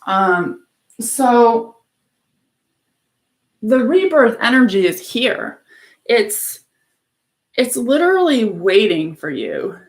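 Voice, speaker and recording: A woman's voice: on the high side, big pitch swings, very slow, long pauses. A woman hosting a live show, telling a story in an earnest, effusive, casual way. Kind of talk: casual spiritual live-stream talk.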